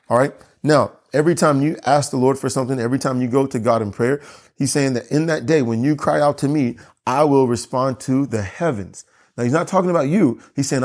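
A man preaching to his church, earnest and emphatic, slowing down on key phrases and correcting himself as he goes. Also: medium pitch, a little mellow. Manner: earnest preaching with pauses, slow emphatic repeats; self-correcting asides. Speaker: pastor. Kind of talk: sermon.

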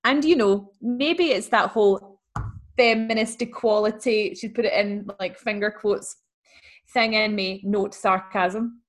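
A woman's voice: mid-range voice, measured pace. A woman who co-hosts a podcast, reading a listener's letter aloud in a chatty, wry way and laughing easily. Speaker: podcast co-host.

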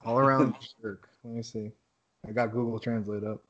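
A man's voice: mid-range voice, fairly even intonation, moderate pace, fairly bright tone, highs cut off. Jokey podcast host man. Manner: jokey, acts out stories in silly voices. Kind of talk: casual chat.

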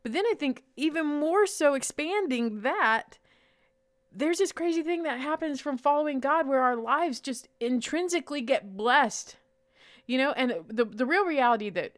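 A woman's voice: high-pitched, expressive, moderate pace, no echo, clean studio sound. A middle-aged woman co-hosting a faith-based chat, telling stories with playful voices and laughter. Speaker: co-host.

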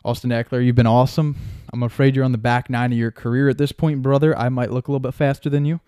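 A young man hosting a solo sports podcast, talking in a loose, excitable way and tossing in frequent "right?" and "man". His voice is warm and mellow, recorded close and dry with little room sound. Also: mid-range voice, fast talker, smooth, no echo. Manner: excitable, chatty, lots of fillers and "man", "right?". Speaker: podcast host.

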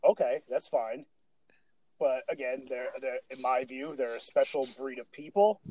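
A man's voice: medium pitch, normal speed, mellow, rough recording. A man in a casual movie discussion, giving firm, emphatic opinions.

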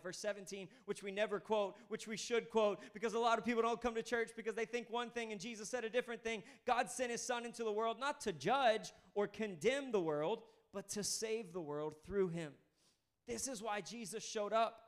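A male pastor preaching a sermon in a conversational, animated way, acting out quoted voices. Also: high voice, moderate pace.

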